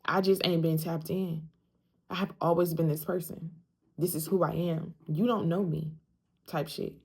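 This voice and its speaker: A woman's voice: sits low, fairly even intonation, moderate pace, a little mellow, breathy edge. A young woman talking casually straight to camera, emphatic and slangy, often repeating lines for emphasis. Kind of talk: casual self-talk vlog.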